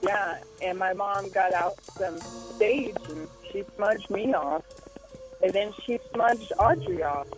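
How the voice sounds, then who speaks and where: A man telling a ghost story over the phone in an animated way, with a crackly line. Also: high-pitched, takes it slowly, faint music behind. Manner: animated storytelling with acted quotes.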